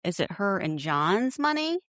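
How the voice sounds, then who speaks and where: A woman's voice: mid-range voice, big pitch swings, unhurried, fairly bright tone, no room sound, studio quality. A woman co-hosting a podcast, recapping reality TV in casual chat, blunt and swearing freely, often laughing and acting out quotes. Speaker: podcast co-host.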